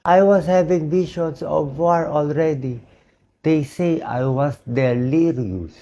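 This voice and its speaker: A hoarse man with a Filipino accent, a doctor speaking earnestly in an emotional personal monologue, switching between English and Tagalog. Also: fairly high pitch, slow, dark tone.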